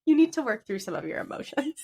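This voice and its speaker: A woman with a fairly high voice talks casually as a podcast co-host. She is chatty, swears freely and laughs easily. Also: sing-song, fast, darkish tone. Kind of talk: casual chat.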